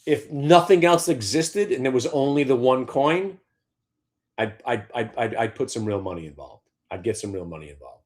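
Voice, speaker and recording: A man's voice: medium pitch, expressive, normal speed, a little mellow. A man hosting a stock market show, ranting in a brash, profane, sarcastic way. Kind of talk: opinionated trading talk.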